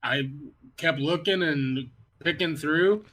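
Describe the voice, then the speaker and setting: A man's voice: on the high side, takes it slowly, fairly bright tone. A man co-hosting a podcast in casual chat, laid-back and stammering a little as he restarts sentences. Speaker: podcast co-host.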